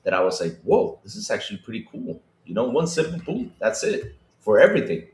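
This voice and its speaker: A man co-hosts a gaming podcast livestream in casual chat, calling out viewers by name. His pitch leaps around with real liveliness, and the room adds a noticeable echo. He talks in an animated, loose way. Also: a little fast. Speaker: podcast co-host.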